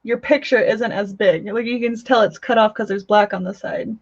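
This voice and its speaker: A woman's voice: mid-range voice, fairly even intonation, moderate pace, dry recording, muffled recording. A woman hosting a crafting live stream, chatting casually, reading viewer comments aloud and laughing often. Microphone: home microphone.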